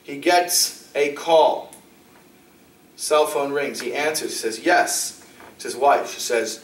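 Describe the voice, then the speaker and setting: Animated rabbi lecturing in a roomy hall. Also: male voice, slow. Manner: animated, acts out dialogue with shifting pitch. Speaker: rabbi giving a talk. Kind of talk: lively storytelling lecture. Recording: roomy, distant mic in a hall.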